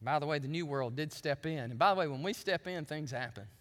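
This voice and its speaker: American pastor guy, pretty high bright voice, chatty then fiery sermon, big echoey hall. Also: fairly quick. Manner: swings between chatty asides and fervent preaching.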